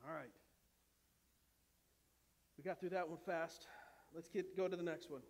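A male pastor with a notably high voice preaches in a church. His delivery swings from loud, urgent calls to hushed, conversational asides. A long reverb from the hall trails his words. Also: steady tone, a little slow. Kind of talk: sermon. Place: church sanctuary.

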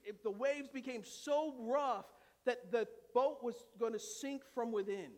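A male pastor preaching a dramatic sermon, dropping to a hush and rising to shouts, with humorous asides. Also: very high-pitched. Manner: dramatic, swings from hushed to shouting. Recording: long hall reverb.

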